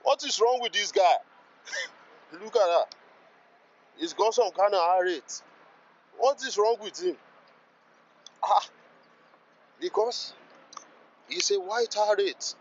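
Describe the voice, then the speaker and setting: Walking around a rainy outdoor car meet, a man vlogs in a hyped, exclamatory way, repeating himself as he points things out. His voice is high and slow, he pauses often, and the recording sounds muffled.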